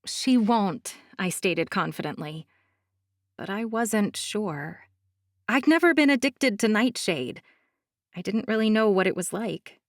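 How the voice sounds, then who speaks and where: A woman narrating a fantasy romance audiobook in the first person, calm, soft and measured. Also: medium pitch, no room sound, studio quality.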